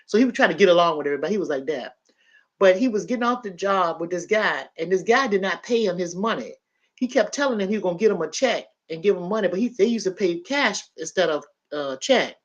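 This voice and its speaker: A woman, a panel guest telling a story in casual chat and acting out the loud parts. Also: mid-range voice, fast talker, highs cut off. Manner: animated, builds to loud acted-out quotes.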